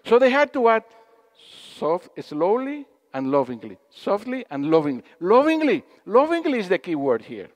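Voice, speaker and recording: A man's voice: high-pitched, huge pitch swings, moderate pace. A man giving a spiritual talk to an audience in a hall, telling stories, acting out quotes and putting questions to the listeners. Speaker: speaker at a spiritual gathering.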